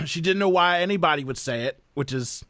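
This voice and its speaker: A man hosting a podcast, telling family stories in animated casual chat. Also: a little high, brisk, dry recording, clean studio sound. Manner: animated storyteller who mimics voices. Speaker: podcast host.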